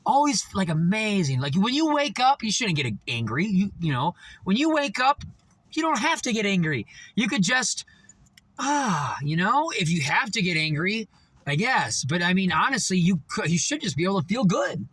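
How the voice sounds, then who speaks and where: A man's voice: sits high, moderate pace, slightly rough, dry recording. A man giving a rambling, profane motivational monologue, telling his stories with animation and many fillers. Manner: animated storytelling. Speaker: motivational vlogger.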